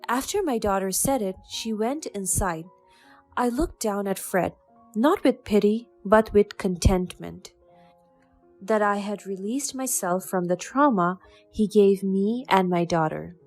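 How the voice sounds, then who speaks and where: A woman narrating a first-person story in an even, measured reading. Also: mid-range voice, soft background music.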